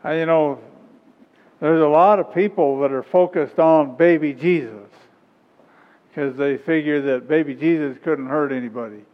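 A man preaching a sermon and reading scripture, emphatic and rising in pitch on key points. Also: moderate pace. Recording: dull sound with long hall reverb.

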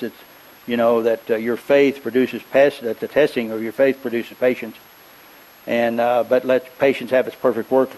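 An older man preaching a sermon in a rambling, conversational way. He tells folksy stories and often stops to clear his throat. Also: medium pitch, darkish tone, low-quality recording.

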